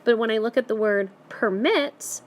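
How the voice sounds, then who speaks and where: A woman's voice: medium pitch, normal speed, a little hiss or hum. A woman teacher giving a recorded lesson, explaining things patiently and step by step.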